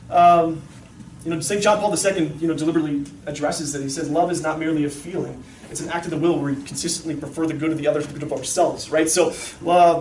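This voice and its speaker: A man in his thirties giving a casual talk to parents, telling stories with lots of fillers and lively asides. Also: a little high. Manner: storytelling, animated, lots of fillers. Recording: echoey hall from far off, faint noise.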